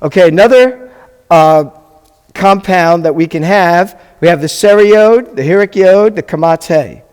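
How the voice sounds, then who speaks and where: A man's voice: high voice, unhurried, darkish tone, smooth, in a large hall. A man teaching a Hebrew class as a rabbi, patiently spelling things out and checking in often with his students. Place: classroom or hall with a live class.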